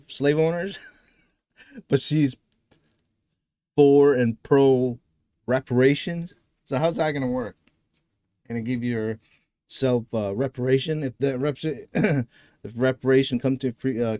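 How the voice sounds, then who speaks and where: A man's voice: medium pitch, a little mellow, clean tone, no room sound, clean studio sound. A man commenting casually on a clip, rambling and searching for words with lots of fillers.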